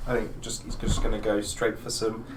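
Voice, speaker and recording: A man playing in a tabletop game, describing his character's moves in a playful, unhurried way. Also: lowish voice, noisy background. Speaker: player. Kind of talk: casual tabletop game play. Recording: distant mic with music behind.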